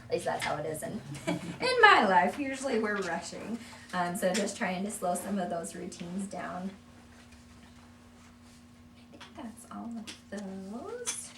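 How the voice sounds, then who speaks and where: A woman's voice: mid-range voice, animated, unhurried, long pauses. A woman speech therapist casually explaining language strategies to parents in a small group, with lots of fillers. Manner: conversational, many fillers. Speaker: early childhood speech therapist. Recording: echoey room, from far off, background noise.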